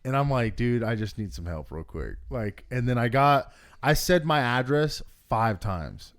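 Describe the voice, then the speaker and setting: A man's voice: medium pitch, animated, unhurried, dry recording, studio quality. Young male co-host, tells rambling stories, slangy and profane. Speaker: podcast co-host. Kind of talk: casual storytelling.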